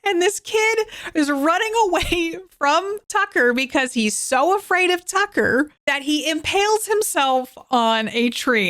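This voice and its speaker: A young woman hosting a podcast, retelling a movie's plot in a casual, animated way and laughing often. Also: high-pitched. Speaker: podcast host.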